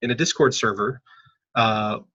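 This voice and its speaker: A man co-hosting a podcast in casual chat, explaining things quickly with many fillers, heard over dull lo-fi call audio. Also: lowish voice, steady tone, pushed and bright, husky.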